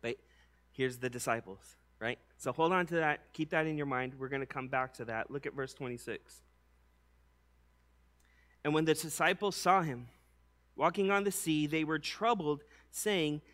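A man preaching a casual sermon, slangy and conversational, telling the story with animated acted-out bits. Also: fairly high pitch.

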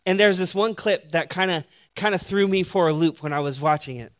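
A man preaching a casual, animated sermon, telling a story with sound effects and then reading scripture quietly. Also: sits high, brisk. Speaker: pastor.

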